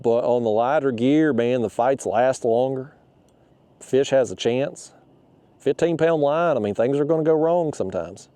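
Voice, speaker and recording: A man's voice: medium pitch, measured pace, mellow, no room sound. A man talking casually to his audience while fishing from a kayak on a river, full of folksy exclamations. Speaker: fishing vlogger.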